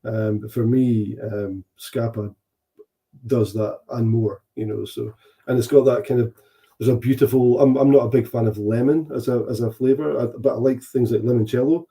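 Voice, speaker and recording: Hesitant man, dark voice. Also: mid-range voice, fairly even intonation, moderate pace, low-quality recording. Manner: hesitant, many ums and restarts. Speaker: whisky adviser, guest. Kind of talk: casual chat.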